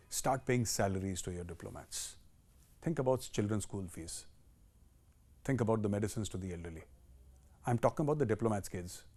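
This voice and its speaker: A man's voice: fairly low pitch, warm tone. Combative man, rhetorical commentary host. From India. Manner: combative, rhetorical, addressing Pakistan directly. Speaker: show host. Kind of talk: opinion commentary.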